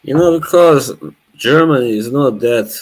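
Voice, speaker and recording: A man's voice: mid-range voice, a little slow, low-quality recording. A man, chatting casually with his live chat as a streamer, laughing often. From Bosnia. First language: Norwegian. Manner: laid-back, laughs often, chats to viewers.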